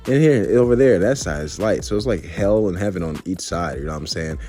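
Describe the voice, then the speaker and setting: Young guy with a deep voice, swearing and chatting mid workout, music low in the back. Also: animated, a little fast, dark tone, breathy edge. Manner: chatty, profane, upbeat. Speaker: fitness vlogger. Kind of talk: casual workout vlog talk. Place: gym.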